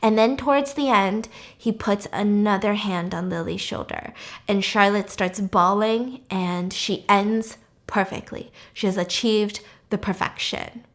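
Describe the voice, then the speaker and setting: A woman's voice: mid-range voice, unhurried. A woman vlogger retelling a story casually and expressively, cursing freely. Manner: expressive, chatty, swears freely.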